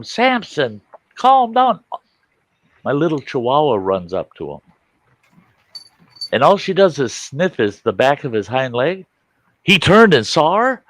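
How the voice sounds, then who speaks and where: On a livestream, a middle-aged male host tells a rambling, folksy anecdote in a relaxed, casual storytelling chat, his voice fairly low. He restarts sentences often and drifts between thoughts. The recording is close and dry, with almost no room sound.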